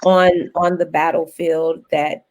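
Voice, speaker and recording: A woman guest host in casual panel talk, an animated storyteller with a folksy lilt. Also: low voice, takes it slowly. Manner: animated storyteller, laughs often, folksy phrasing.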